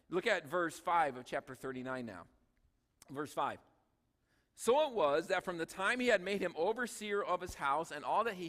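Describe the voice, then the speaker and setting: High bright-voiced male pastor preaching. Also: big-room sound. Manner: conversational, joking asides. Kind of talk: sermon. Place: church sanctuary.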